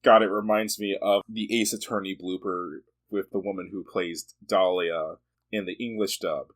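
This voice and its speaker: A man's voice: sits low, fairly even intonation, moderate pace. A man co-hosting a podcast in casual chat, musing with strong opinions and laughing easily. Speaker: podcast co-host.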